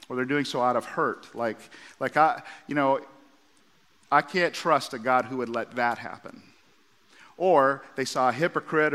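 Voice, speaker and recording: A middle-aged man, a pastor, preaching a sermon and telling stories with animated asides in a church auditorium. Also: a little high. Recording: long hall reverb.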